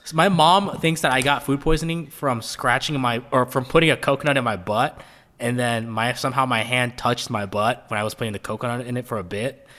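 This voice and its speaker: A young man hosting a casual podcast chat, playful and jokey, often turning to pitch things to the audience. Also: steady tone, fairly quick, fairly bright tone. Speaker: podcast host. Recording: long reverb.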